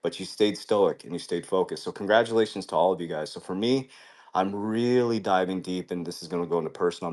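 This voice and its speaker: A man hosting a crypto show, talking in a fervent, preachy motivational way and swearing casually. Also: deep voice. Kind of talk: motivational live-stream talk.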